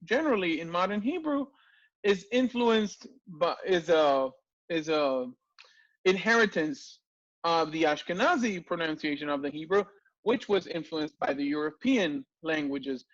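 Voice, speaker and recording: A man teaching an online language class, lively and full of rhetorical questions. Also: a little high, a little slow, no echo, lo-fi sound. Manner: lively, asks rhetorical questions, frequent restarts. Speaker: language lecturer.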